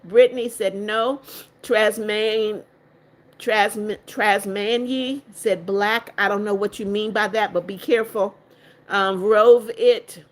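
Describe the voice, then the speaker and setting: Slowly and with fairly even intonation, an older woman with a medium-pitched voice hosts a casual livestream. She works through viewer comments one by one, answering them with motherly greetings and blessings and dealing firmly with rude viewers.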